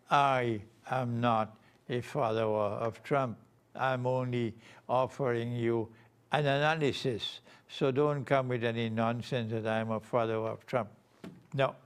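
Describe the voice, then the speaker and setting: An older man giving an Islamic lecture on world affairs, speaking in slow, deliberate, emphatic phrases. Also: mid-range voice, clear, resonant tone. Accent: Trinidadian. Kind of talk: measured religious lecture.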